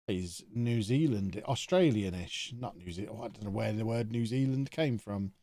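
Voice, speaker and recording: A man's voice: fairly low pitch, moderate pace, few pauses, mellow, no echo. Chatty man streaming a game. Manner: chatty, thinking aloud to himself. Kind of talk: live video game commentary.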